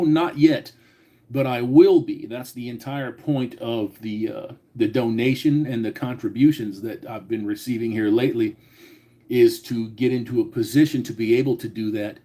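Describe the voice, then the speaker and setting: A man's voice: mid-range voice, warm tone. Man, 40s, live-stream host, casual chat, rambling, profane, reads chat names aloud. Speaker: livestream host.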